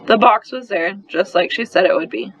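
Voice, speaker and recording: A man narrating a first-person children's story in an expressive, brisk storytelling manner, on a slightly muffled recording. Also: sits high, vocal fry. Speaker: audiobook narrator.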